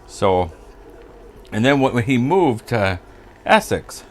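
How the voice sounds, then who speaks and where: A man's voice: on the low side, moderate pace, faint music behind. Rambling older American man telling stories. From United States. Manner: rambling, chuckling, loses names. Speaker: vlogger. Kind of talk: casual storytelling chat.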